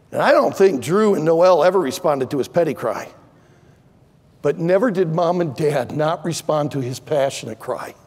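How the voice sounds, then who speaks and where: An older man preaching a sermon as pastor, swinging from loud impassioned pleading to quieter conversational asides. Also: high voice, creaky, breathy edge, long reverb tail. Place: large church sanctuary.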